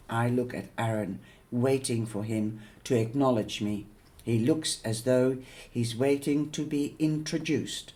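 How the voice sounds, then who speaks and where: A man reading a novel aloud in first person. His delivery is slow and measured, with a mid-range pitch and an occasional filler. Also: darkish tone. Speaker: audiobook reader.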